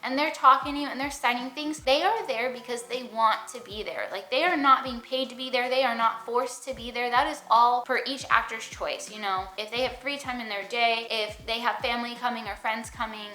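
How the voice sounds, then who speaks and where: A young adult woman vlogging a storytime, animated, acting out the people she quotes. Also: fairly high pitch, fairly quick, hardly any pauses, reverberant. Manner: animated, retells with quoted voices. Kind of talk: storytime vlog, casual chat.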